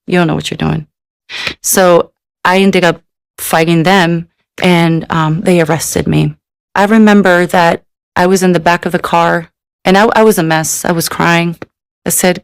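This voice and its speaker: A woman shares a personal testimony in an earnest, heartfelt way. Her voice has a gravelly fry, and the recording is dry and close. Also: on the low side, fairly even intonation, dry recording. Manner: earnest, emotional, slow in places. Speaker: testimony speaker.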